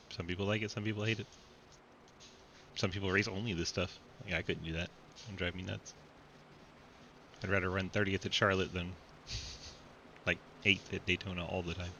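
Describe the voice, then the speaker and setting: A man's voice: low voice, bright, forceful tone, slight background noise. A man calling a sim racing event as commentator, casual and joking, laughing often. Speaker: race commentator.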